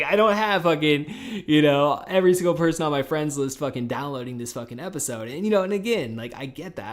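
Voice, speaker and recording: A podcast host in his early thirties, rambling casually and swearing a lot in a loose, animated monologue. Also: medium pitch. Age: 30s. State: tired and a little high.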